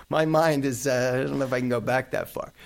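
A man's voice: mid-range voice, moderate pace, gravelly. A middle-aged man hosting a casual chat, rambling through memories with plenty of fillers and asides. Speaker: host.

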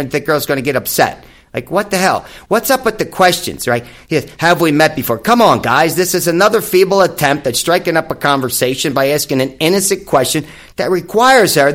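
A man with a somewhat high-pitched voice runs through a casual dating-advice monologue. His delivery is sarcastic and mocking, leaning hard on emphatic put-downs. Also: fairly bright tone.

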